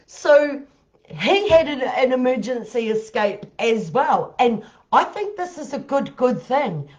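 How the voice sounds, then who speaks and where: A woman's voice: a little high, darkish tone. Woman ranting about bad dates, swears a lot, laughs at herself, muffled lo-fi audio. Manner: blunt, heavily profane, laughing asides. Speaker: vlogger telling dating stories. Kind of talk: casual storytelling monologue. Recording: dull lo-fi audio.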